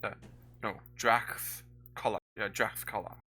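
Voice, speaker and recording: A man voicing Maxine, a worried middle-aged woman at an inn who speaks in a soft, earnest way. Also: lowish voice, steady tone, takes it slowly, breathy edge, pitched below the performer's own voice, heavily acted, low-quality recording.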